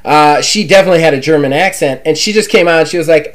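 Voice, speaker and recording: A man's voice: on the high side, fast. A man co-hosting a casual gaming podcast, blunt and mocking, swearing and laughing as he riffs on a game showcase. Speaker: podcast co-host.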